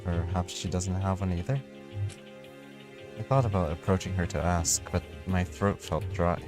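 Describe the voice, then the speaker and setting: A man's voice: sits low, moderate pace, over music. A man reading a first-person visual novel story aloud, casually, with slips and restarts.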